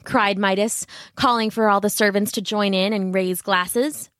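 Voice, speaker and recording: A woman's voice: mid-range voice, fairly even intonation, measured pace, fairly bright tone, dry recording, clean studio sound. A woman narrating a fairy tale steadily, with asides to the listener. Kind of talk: storybook narration.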